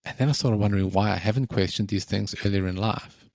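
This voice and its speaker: Low gravelly guy from south africa, earnest podcast chat, dry close mic. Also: fast talker, a little mellow, no room sound. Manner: reflective, earnest, with frequent restarts. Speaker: podcast co-host. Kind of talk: casual conversation.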